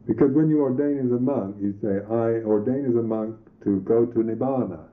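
A Buddhist monk teacher giving a reflective meditation talk, pausing and restarting his phrases often. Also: mid-range voice. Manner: slow, reflective, halting with restarts. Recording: tinny lo-fi old recording.

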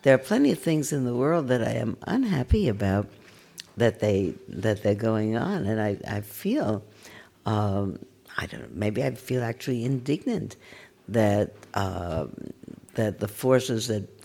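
Older woman meditation teacher, gravelly timbre, animated intonation, gentle and self-mocking. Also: extremely low pitch, measured pace. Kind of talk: dharma talk. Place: meditation center.

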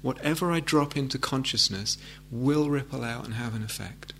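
A man giving a meditation talk, gentle and reflective, with frequent hesitant restarts. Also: mid-range voice, moderate pace, a little hiss or hum. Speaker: meditation teacher. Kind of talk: dharma talk. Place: meditation hall with audience.

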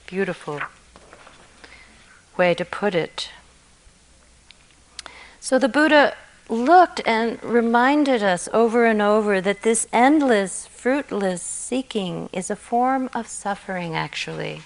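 A woman meditation teacher giving a gentle, reflective dharma talk, often trailing off softly at the ends of phrases. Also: medium pitch, expressive, slow pace, pauses often, low-quality recording. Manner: gentle and reflective, soft endings.

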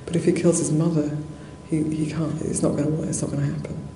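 A woman's voice: sits low, level tone, fairly quick. Woman telling a dharma story in a roomy hall. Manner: conversational, laughing softly, many fillers. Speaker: Buddhist nun giving a dharma talk. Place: monastery meditation hall. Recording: roomy hall echo, faint noise.

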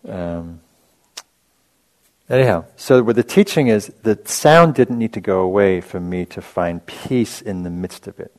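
A man's voice: on the low side, expressive, measured pace, darkish tone. A man teaching meditation in a casual, chatty dharma talk, telling stories with rambling asides and laughing at his own anecdotes.

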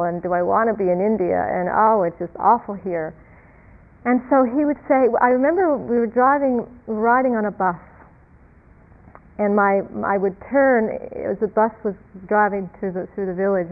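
A woman meditation teacher giving a reflective dharma talk, halting and repeating words, with soft laughs. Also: medium pitch. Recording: tinny phone-like lo-fi sound.

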